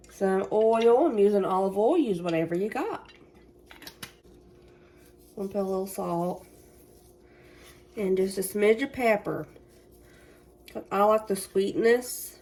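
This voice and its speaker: A woman's voice: medium pitch, a little mellow, a little hiss or hum. A woman with a Southern US accent, chatting folksily to her viewers while she cooks in her home kitchen. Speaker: cooking vlogger. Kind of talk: casual cooking vlog.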